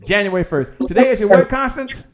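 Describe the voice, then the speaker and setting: A man's voice: high voice, expressive, a little fast, over a noisy crowd. A man hosting a live motivational business show, talking with energy and chanting the same lines over and over like a preacher. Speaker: host.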